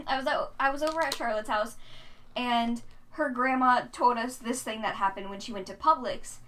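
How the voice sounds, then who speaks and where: A young woman co-hosting a casual podcast, giggly and quick to chime in. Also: a little high, fairly bright tone, recorded from a distance. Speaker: podcast co-host. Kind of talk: casual chat.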